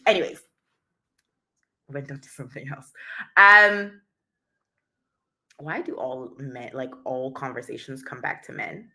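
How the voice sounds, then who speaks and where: A woman's voice: mid-range voice, slow, pauses often, bright, forceful tone. A woman hosting a casual motivational livestream, talking openly and emotionally and greeting viewers by name. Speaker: livestream host.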